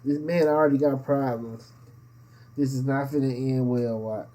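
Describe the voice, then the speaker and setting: A man's voice: medium pitch, fairly even intonation, moderate pace, dark tone. A man hosting a reaction video, dropping short, knowing comments over a clip. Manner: short, knowing side remarks.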